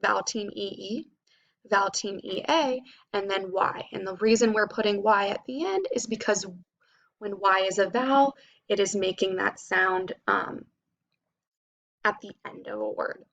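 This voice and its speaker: A woman teacher giving a phonics lesson to children, spelling out sounds slowly and clearly. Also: mid-range voice, fairly bright tone.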